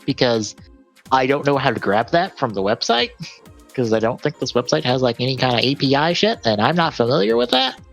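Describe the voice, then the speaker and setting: Male podcast co-host, mid-pitch, loose rambling delivery, faint music bed. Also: very animated, a little fast, vocal fry, fairly bright tone. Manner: rambling, self-correcting, laughs often. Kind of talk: casual chat and reading release lists.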